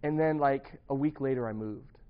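On a muffled recording, a mid-range voice at moderate pace belongs to a young man, partly Midwest-raised in the US, casually telling a small group a long story about himself. He rambles, restarts often and frequently laughs.

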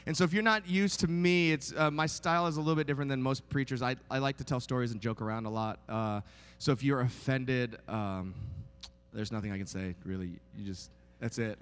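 A man's voice: high voice, sharp tone, clear, resonant tone. A man in his thirties preaching a sermon as a guest, telling funny stories in a chatty, self-mocking way with lots of fillers. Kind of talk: joking storytelling sermon. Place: large church sanctuary. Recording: long hall reverb in a big church.

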